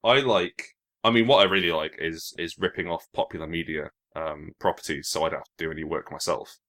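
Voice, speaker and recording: A man's voice: a bass voice, steady tone, fairly quick, pushed and bright. A man from Britain, a guest who designs games, chatting casually and rambling through teasing tangents. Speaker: podcast guest, game designer. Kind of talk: casual chat.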